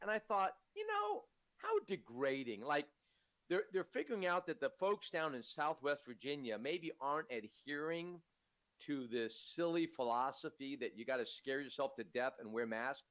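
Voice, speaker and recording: A man with a slightly high voice co-hosts a political talk show. His pitch swings widely as he tells his stories, animated and indignant. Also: moderate pace. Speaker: co-host.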